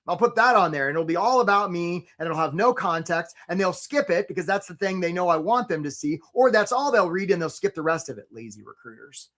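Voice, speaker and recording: A man hosting a live career webinar, coaching casually with jokes and giving shout-outs to viewers by name. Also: sits high, brisk, hardly any pauses. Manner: energetic and joking, breaks into short mocking impressions of job seekers.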